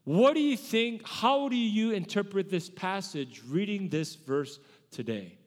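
A man's voice: sits high, animated, measured pace, big-room sound. A male pastor giving a sermon in a conversational way, often correcting himself mid-sentence. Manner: conversational preaching with self-corrections.

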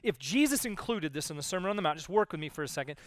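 A man preaching a sermon as pastor, conversational and animated, acting out little quoted voices. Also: a little high, racing.

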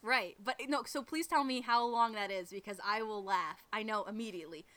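A woman's voice: mid-range voice, a little fast, pushed and bright. A woman from the northern United States co-hosting a casual chat podcast, giggly and full of fillers. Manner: giggly, lots of fillers and laughter. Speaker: podcast co-host. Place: outdoors behind a garage.

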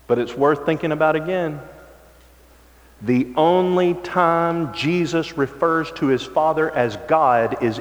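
A man preaching a sermon as pastor, reading scripture slowly and swinging between forceful emphasis and hushed, low passages. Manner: dramatic shifts from loud emphasis to hushed low tones; slow, drawn-out scripture reading. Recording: long reverb of a large hall.

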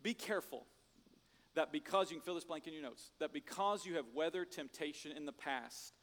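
Male pastor, sermon, high voice, animated storytelling, long hall echo. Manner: animated storyteller, swings from loud jokes to hushed emphasis.

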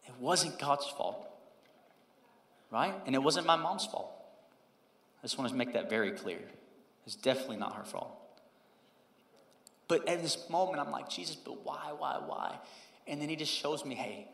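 A man in his thirties, a pastor preaching a sermon and telling a personal story, moving between loud emphasis and hushed, quoted prayer. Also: a little high, animated, normal speed, vocal fry, pauses often. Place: church sanctuary. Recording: roomy hall reverb.

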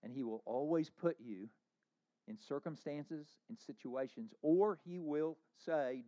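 A man preaching a sermon as pastor, earnest, moving between hushed lines and emphatic ones. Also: medium pitch, measured pace, muffled recording.

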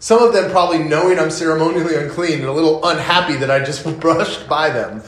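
A male pastor preaching a sermon, telling the story in a lively way and acting out the people in it. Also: a little high, a little fast, few pauses. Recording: echoey room.

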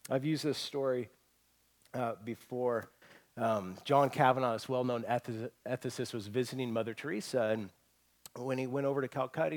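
A middle-aged man preaching from the pulpit with earnest, animated energy. His voice sits at an ordinary pitch, and he often stumbles and restarts phrases as he presses his point. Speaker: pastor. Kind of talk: sermon.

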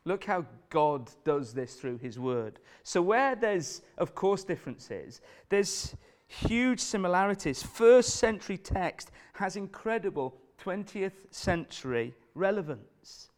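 Earnest male preacher, slightly high voice. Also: big pitch swings, takes it slowly. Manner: earnest, emphatic, repeats questions to the congregation. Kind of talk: sermon.

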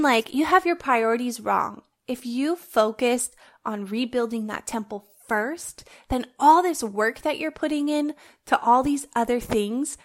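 A woman hosting a faith-based podcast, talking in an earnest, heartfelt, conversational way and recording at home on her phone. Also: a little high. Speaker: podcast host.

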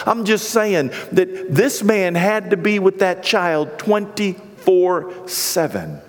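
A middle-aged man preaching a sermon as pastor, swinging from hushed, quiet stretches to loud, impassioned peaks. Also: a little high. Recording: long reverb of a large hall.

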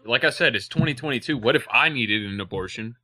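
A man's voice: mid-range voice, expressive, quick pace, sharp tone. A man co-hosting a casual podcast, playful and swearing while joking around. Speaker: podcast co-host. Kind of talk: casual chat.

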